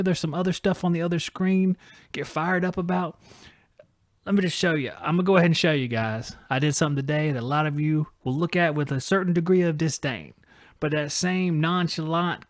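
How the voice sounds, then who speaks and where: Man, podcast host, higher-pitched voice, dry close sound, casual rambling livestream chat. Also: no room sound. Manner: joking, rambling and self-deprecating.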